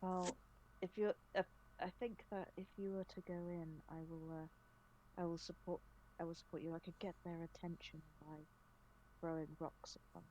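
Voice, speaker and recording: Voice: medium pitch, level tone, moderate pace, darkish tone, poor audio. A player in a tabletop game who talks hesitantly, working out a plan aloud. A faint hum of room ambience sits behind the voice.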